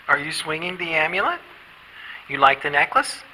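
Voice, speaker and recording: A man working as a paranormal investigator, coaxing unseen spirits with gentle, pleading, repetitive talk inside a derelict island building. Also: a little high, a little hiss or hum, rough recording. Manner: gentle, pleading, repeats himself.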